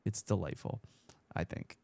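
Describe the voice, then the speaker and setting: A man's voice: normal speed, a little mellow, no room sound. A man hosting a casual podcast chat, rambling and joking, reading out listener posts in between. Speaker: podcast host.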